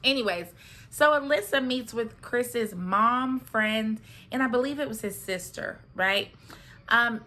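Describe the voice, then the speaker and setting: A woman's voice: fairly high pitch, pushed and bright. A young woman chatting casually through a reality TV recap, sassy and talkative, often checking in with "okay?" and "right?".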